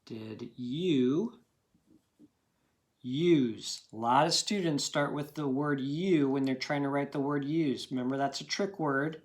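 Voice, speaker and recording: A man's voice: fairly high pitch, steady tone, moderate pace, few pauses. A man teaching a recorded phonics lesson to young students. He talks patiently and encouragingly and sounds out words part by part.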